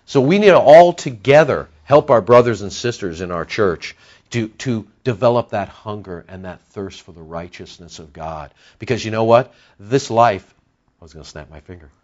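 A man preaching a sermon to his church congregation, surging loud on key words and then dropping low and soft. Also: lively intonation, moderate pace, lo-fi sound. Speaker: pastor. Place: church sanctuary.

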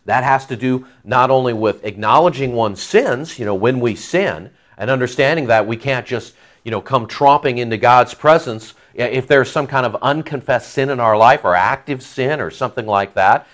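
Male preacher, mid-pitched voice, teaching scripture verse by verse with strong repeated emphasis. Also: normal speed, fairly bright tone. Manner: emphatic, stresses key words, repeats phrases. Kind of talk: expository Bible teaching sermon.

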